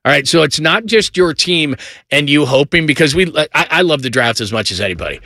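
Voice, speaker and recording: A middle-aged man hosting a sports talk show, giving energetic casual commentary and rattling off lists of player names. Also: a little high, brisk, no echo, studio quality.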